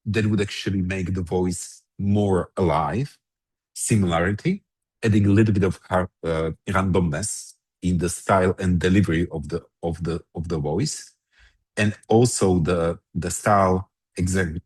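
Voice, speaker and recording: A man with a low, husky voice leads an online workshop. He walks through a software demo step by step, often restarting his phrases. His computer mic sounds dry and close. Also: fairly even intonation, moderate pace, no room sound. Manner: explains step by step, with frequent restarts. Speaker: workshop presenter.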